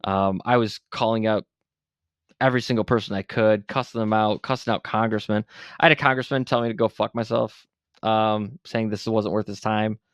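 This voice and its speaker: A veteran Buffalo, New York entrepreneur in his forties guests on a podcast, telling his story in a lowish, clear, resonant voice at normal speed. His candid retelling is animated, blunt, and a bit profane, captured in studio quality with no echo.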